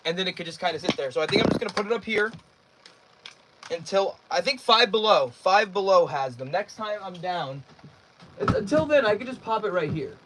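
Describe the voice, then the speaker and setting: 19 yo dude streaming from his room, kinda high voice, rambly, reads chat and thanks everyone. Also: lively intonation, a little fast, heavy background noise. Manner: rambling, thanks viewers warmly by name. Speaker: livestreamer reading chat. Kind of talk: casual livestream chat.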